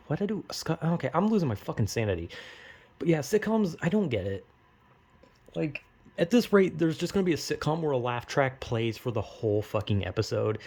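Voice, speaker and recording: A man's voice: medium pitch, a little mellow. A young man in a casual comedic rant, rambling and swearing, acting out crowd reactions in exaggerated voices. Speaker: vlogger ranting.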